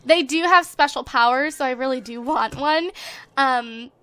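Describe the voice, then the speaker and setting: A young woman hosts a casual let's play, chatty and quick to gasp with excitement. Her voice sits high and sounds bright and forceful, recorded dry and close on a desktop microphone. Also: clear, resonant tone, dry recording. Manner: chatty and excitable, gasping at surprises. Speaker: gaming channel host. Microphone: desktop USB microphone.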